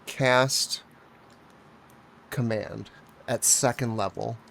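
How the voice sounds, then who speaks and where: Slow gravelly-voiced male player. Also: medium pitch, fairly even intonation, slight background noise. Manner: slow, deliberate, thinking out loud. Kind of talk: playing a tabletop game.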